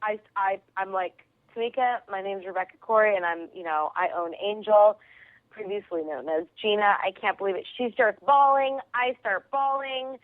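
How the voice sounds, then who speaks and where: A woman comedian telling an animated story as a radio guest, acting out the people in it. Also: mid-range voice, moderate pace, dry recording. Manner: excitable, quotes people in her stories. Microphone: phone call. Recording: tinny phone line.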